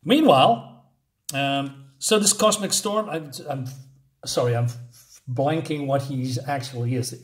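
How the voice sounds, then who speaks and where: A man casually recapping a comic issue, halting often with fillers and unsure asides. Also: on the high side, lively intonation. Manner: hesitant, many fillers and restarts, unsure asides. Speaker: comic book reviewer.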